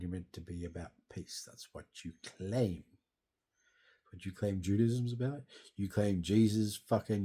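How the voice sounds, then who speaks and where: A man's voice: low-pitched, a little mellow, breathy edge. Sweary Australian man venting. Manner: sweary, rambling, agitated. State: grieving, distressed. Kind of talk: angry venting monologue.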